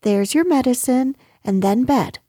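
A woman's voice: a little high, unhurried, dark tone, dry recording, clean studio sound. A woman voicing a motherly female kangaroo in a storybook reading, soothing but firm.

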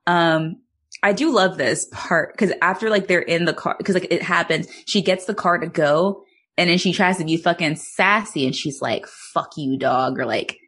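A woman's voice: fairly low pitch, moderate pace, a bit bright, husky. A woman co-hosting a podcast, recapping a film in loose casual chat full of "like"s and the odd swear word. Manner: chatty, many "like"s, swearing, laughs easily. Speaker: podcast co-host.

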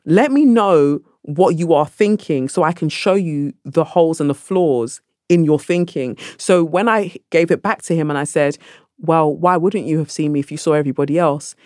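A woman guest on a podcast, telling stories in a lively conversational way and acting out the people in them. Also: deep voice, moderate pace, dry recording, clean studio sound. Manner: animated, acts out voices in her anecdotes. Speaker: podcast guest, actress and author.

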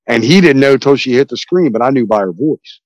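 A male podcast host in loose movie talk, rambling and excitable, cursing freely. His voice sits at an ordinary pitch, and the sound is dry and close. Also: fairly quick, no echo, lo-fi sound. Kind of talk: casual movie podcast chat.

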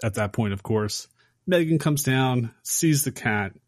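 A man casually recapping a horror film on a podcast, acting out the characters' lines with animated energy. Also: mid-range voice, unhurried, dry recording, studio quality. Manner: animated storyteller acting out quotes. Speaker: podcast host.

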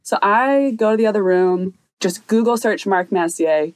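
A woman calling in to tell a story in a casual, animated way, quoting people as she goes. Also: medium pitch, no echo, low-quality recording. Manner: animated, quick storytelling with quoted asides. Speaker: caller telling a story.

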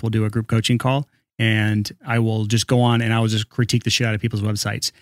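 A man's voice: medium pitch, dry recording, clean studio sound. A man co-hosting a podcast in casual chat, blunt and teasing. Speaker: podcast co-host.

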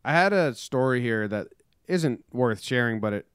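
A man's voice: medium pitch, lively intonation, moderate pace, a bit bright, smooth, no room sound, studio quality. A young American man casually chatting as a podcast co-host, telling stories and acting out quotes in silly voices. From United States. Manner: rambling storyteller, acts out quotes in silly voices. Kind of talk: casual comedic chat.

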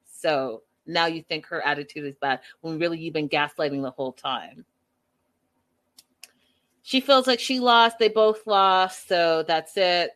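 A woman's voice: lowish voice, expressive, unhurried, a bit bright. Blunt woman recapping a reality show. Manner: blunt, exasperated, talks straight to the cast. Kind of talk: casual commentary.

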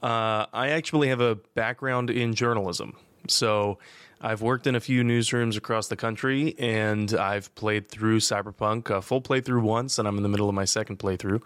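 A man's voice: lowish voice, fairly even intonation, moderate pace, fairly bright tone, clean tone, no echo. A man guesting on a podcast, talking in an easygoing, jokey way with casual restarts.

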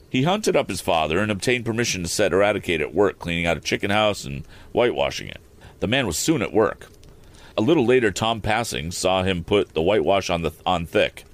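A man reading a storybook aloud in a relaxed way, with occasional slips and self-corrections. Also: deep voice, a little fast. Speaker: reader.

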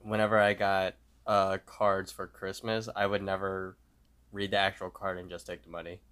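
Low-voiced man recapping a cartoon episode. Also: flat delivery, normal speed, clean tone. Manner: retells scenes, acting out quotes loudly. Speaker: podcast co-host.

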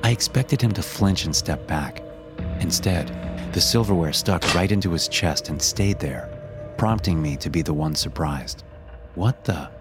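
Man, very deep voice, horror story narration, measured and dramatic, music behind.

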